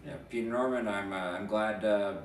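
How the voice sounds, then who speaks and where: A man's voice: lowish voice, fairly even intonation, moderate pace, echoey room, far from the mic. A man co-hosting a sports show in casual chat, laid-back and wry as he signs off.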